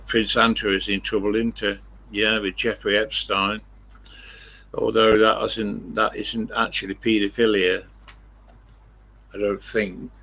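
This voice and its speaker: A man's voice: fairly low pitch, creaky, fairly bright tone. An older man hosting a live stream, chatting in a rambling, blunt way, swearing freely and correcting himself as he goes.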